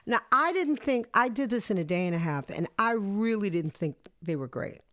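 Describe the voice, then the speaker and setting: A middle-aged woman musician, a guest in an interview, telling animated stories from her career and acting out the people in them. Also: mid-range voice, moderate pace, no room sound. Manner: animated storyteller, acts out voices. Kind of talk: storytelling interview chat.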